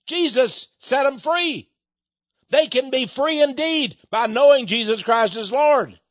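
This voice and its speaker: A man's voice: very high-pitched, unhurried, dry recording. A man leading a ministry, preaching in a folksy, rambling conversational monologue that speaks to listeners as folks. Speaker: ministry leader. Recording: dull lo-fi sound.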